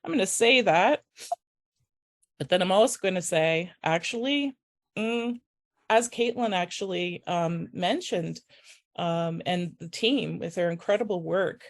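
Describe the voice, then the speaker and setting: A woman faculty member giving a personal, emotional conference talk, halting with many restarts and audibly close to tears. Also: fairly low pitch. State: tearful. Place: conference room.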